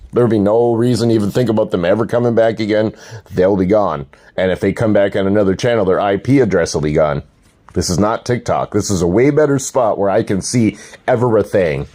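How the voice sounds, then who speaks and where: A man's voice: fairly low pitch, dark tone. An older man ranting crudely and mockingly to his livestream viewers, laughing at his own jokes. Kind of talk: casual livestream rant.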